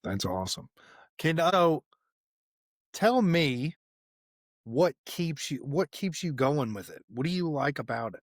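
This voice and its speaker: A man's voice: fairly high pitch, big pitch swings, dry recording, clean studio sound. A man hosting a podcast, asking questions in a casual, conversational interview. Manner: conversational, quick back-channel replies. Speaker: podcast host.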